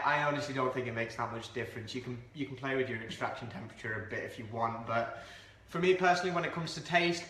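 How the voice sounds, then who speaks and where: A man's voice: mid-range voice, bright, forceful tone. A man explaining how to brew coffee in a chatty, rambling, self-deprecating way. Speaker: coffee reviewer. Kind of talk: casual how-to vlog. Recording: echoey room.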